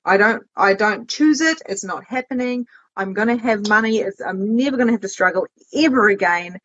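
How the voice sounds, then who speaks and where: Husky woman, dull lo-fi audio. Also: mid-range voice, moderate pace. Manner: emotional storytelling, swearing, lively quoted asides. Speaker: guest, business coach. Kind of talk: candid podcast conversation.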